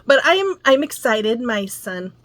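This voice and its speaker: A woman's voice: on the high side, sing-song, takes it slowly, sharp tone, no echo. An older woman hosting a crafting channel, chatting in a rambling, storytelling way and walking through a craft tutorial from her craft room. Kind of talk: casual chat and craft tutorial.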